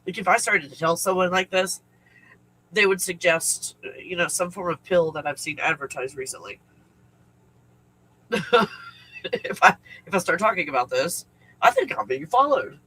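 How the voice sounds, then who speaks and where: A man's voice: high-pitched, moderate pace, long pauses, sharp tone, a little hiss or hum, rough recording. A man talking straight to his audience in a rambling personal monologue, full of fillers and restarts. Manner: rambling with fillers, breaking into tearful laughter. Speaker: video host recounting memories.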